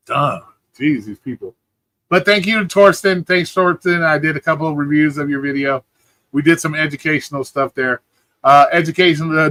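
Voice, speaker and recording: A man's voice: on the high side, sharp tone, no room sound. A man hosting a livestream, ranting in a profane, mocking way and talking back to chat. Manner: profane, mocking, mimics people in a whiny voice. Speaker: livestream host.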